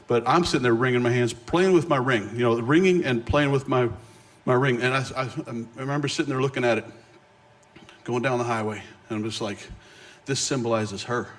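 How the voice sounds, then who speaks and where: This is a middle-aged guest speaker telling his own story in a sermon. He sounds animated and mocks himself, restarting quickly, all at a medium pitch.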